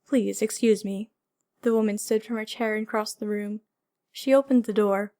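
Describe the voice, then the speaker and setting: A woman narrating a fantasy audiobook in a measured, descriptive way. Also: mid-range voice, steady tone, mellow.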